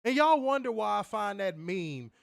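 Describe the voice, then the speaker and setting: A man's voice: high voice, big pitch swings, moderate pace, vocal fry, fairly bright tone. A man co-hosting a wrestling podcast, ranting heatedly with plenty of profanity in a casual, fired-up way.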